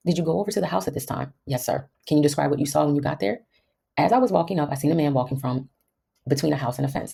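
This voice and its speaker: Fast gravelly-voiced woman reading court records. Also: extremely low pitch, dark tone. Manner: reads every part in the same voice with wry asides. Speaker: podcast host. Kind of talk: reading a court transcript aloud.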